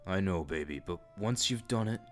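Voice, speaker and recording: A narrator voicing a manipulative older man who coaxes and threatens in a low voice. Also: lively intonation, moderate pace, soft background music. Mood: coaxing. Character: manipulative, menacing older male groomer.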